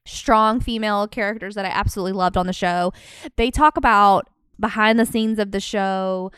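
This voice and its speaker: A woman co-hosting a podcast in casual chat, candid and animated, acting out her own reactions as she tells stories. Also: mid-range voice, normal speed, clean tone, dry recording, clean studio sound. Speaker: podcast co-host. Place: podcast studio.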